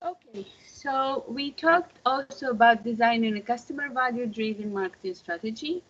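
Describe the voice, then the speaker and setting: Woman teacher on a video call, kinda high and breathy, muffled lo-fi call audio. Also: moderate pace. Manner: patient, explanatory, checks in with "okay?". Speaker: marketing teacher. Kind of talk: online lecture.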